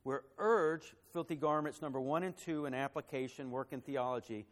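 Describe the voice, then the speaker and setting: A man delivers a sermon from the pulpit in a mid-range voice. He climbs in pitch and volume to stress his points, then sinks low and quiet. In the personal parts he stumbles over repeated words and fillers. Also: normal speed, hardly any pauses. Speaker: pastor.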